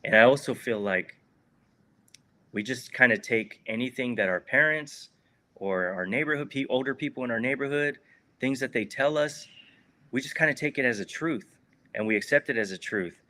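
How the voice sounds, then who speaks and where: A man's voice: mid-range voice, normal speed, bright, forceful tone. A man giving a heartfelt, reflective answer as an interview guest, earnest and repeating words for emphasis. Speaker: guest, former prisoner.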